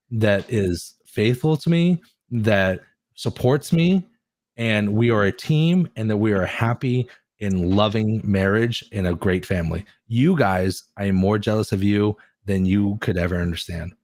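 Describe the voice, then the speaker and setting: A man in his forties, a podcast guest, chatting in an excitable, effusive way and swearing freely. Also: fairly low pitch, no echo, studio quality. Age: 40s. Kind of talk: casual chat.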